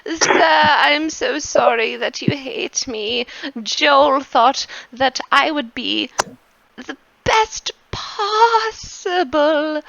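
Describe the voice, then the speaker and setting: A woman's voice: high-pitched, animated, very slow, vocal fry, a bit bright, no room sound, muffled recording, pitched above the performer's own voice, heavily acted. Woman doing a chirpy, fawning manservant. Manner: fawning, overly polite. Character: eager cheerful male servant companion.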